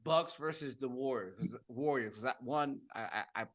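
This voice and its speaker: A man's voice: mid-range voice, normal speed. A man co-hosting a sports podcast, chatting casually and hesitantly, restarting his sentences. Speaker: podcast co-host.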